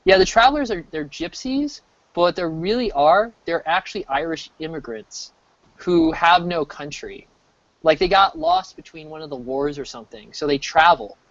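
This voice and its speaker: An American man in his thirties talks casually in a fairly high voice, rambling and often restarting his sentences. The sound is dry and a bit dull, as from a cheap desk mic. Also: sing-song, moderate pace, vocal fry, a bit bright, no room sound. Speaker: streamer. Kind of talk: casual chat.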